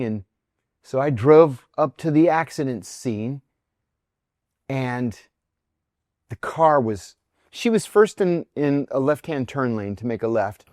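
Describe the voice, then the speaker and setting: A man's voice: medium pitch, expressive, slow, long pauses, darkish tone, dry recording, clean studio sound. A middle-aged man, a former intelligence officer, telling a personal story in a podcast interview, acting out the voices of the people in it.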